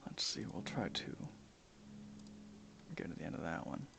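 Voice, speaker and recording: This young man streams a game and talks casually in a low, animated voice with vocal fry, keeping a moderate pace. His speech is mumbled, heavy on swearing, and sometimes sinks into a whisper, while piano music plays in the background.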